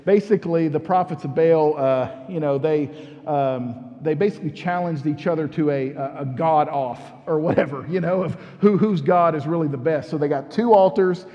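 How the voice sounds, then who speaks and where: A man's voice: a little high, warm tone, in a large hall, lo-fi sound. A man preaching a sermon in a conversational, storytelling way, asking the congregation questions as he goes. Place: church sanctuary.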